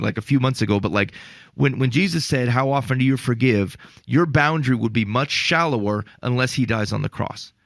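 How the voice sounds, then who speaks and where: Male podcast co-host, gravelly and mid-range, dry booth sound; animated storyteller with exasperated asides. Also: medium pitch, no room sound. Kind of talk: casual podcast chat on faith.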